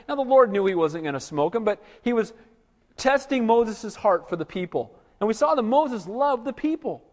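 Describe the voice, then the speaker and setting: Male pastor, sermon delivery, high-pitched, animated with loud and hushed swings, long hall reverb.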